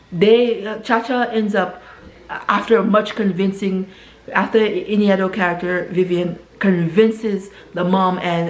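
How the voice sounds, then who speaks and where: A woman casually retelling a film plot. She keeps adding "right?" and repeats words as she rushes ahead. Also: mid-range voice. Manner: tags nearly every sentence with "right?". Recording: roomy echo.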